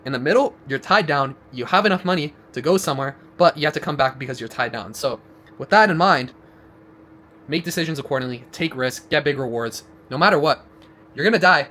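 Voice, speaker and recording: A man's voice: mid-range voice, pushed and bright, slight background noise. A man delivering a blunt, profane motivational monologue, rambling and restarting as he goes. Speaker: vlogger.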